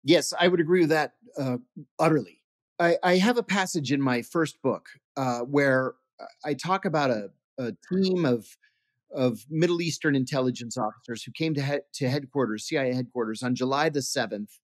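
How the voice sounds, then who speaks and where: A man's voice: mid-range voice, moderate pace, no room sound, clean studio sound. A man, a former intelligence officer, telling anecdotes in an interview, acting out quoted dialogue with frequent restarts. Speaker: guest, former CIA officer. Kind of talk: storytelling interview answer.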